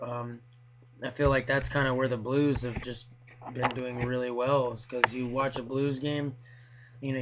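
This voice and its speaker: A man with a hoarse, worn voice from yelling, talking loosely in a casual video blog. His pitch sits mid-range and barely moves, so his delivery sounds flat. He rambles and hesitates as he shares his thoughts. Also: rough recording. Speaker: hockey fan vlogger.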